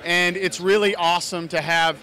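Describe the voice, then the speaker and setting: High, bright-voiced earnest man. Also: fairly even intonation, moderate pace. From United States (Idaho). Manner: earnest, talkative, restarts phrases often. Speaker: actor and fan filmmaker, interview guest. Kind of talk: casual interview.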